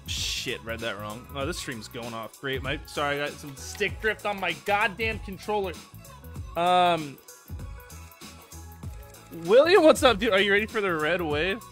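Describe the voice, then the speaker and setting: A man's voice: high-pitched, expressive, unhurried, a bit bright, faint music behind. A young man streaming a game live, rambling casually, swearing and greeting his chat by name. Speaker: gaming streamer.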